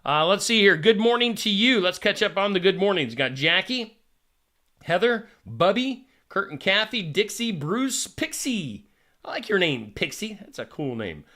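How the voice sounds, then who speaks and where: Male live-stream host, chatty and animated, good-humored banter. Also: high-pitched, moderate pace. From Iowa. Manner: chatty, jokey, reads out viewer names. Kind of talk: casual live-stream chat.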